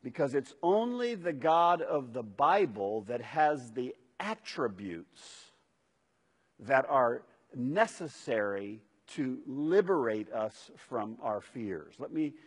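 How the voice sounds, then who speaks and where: A man's voice: medium pitch, big pitch swings, takes it slowly, husky. A man preaching a sermon as pastor, stressing and repeating key phrases. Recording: reverberant hall.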